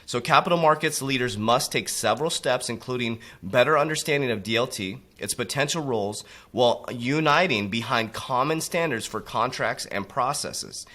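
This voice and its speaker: A man giving a preachy motivational talk, calling his listeners warriors and dropping low and quiet on those tag words. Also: moderate pace, few pauses. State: coughing from allergies. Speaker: crypto motivational coach. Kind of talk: motivational monologue.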